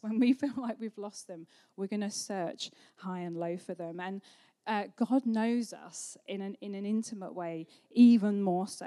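A woman's voice: medium pitch, mellow. A woman, a pastor telling a family story in a chatty sermon with frequent ums.

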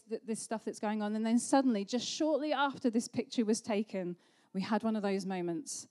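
A woman's voice: fairly high pitch, brisk, a little mellow. Lady pastor, 30s, chatty sermon story, lots of ums.

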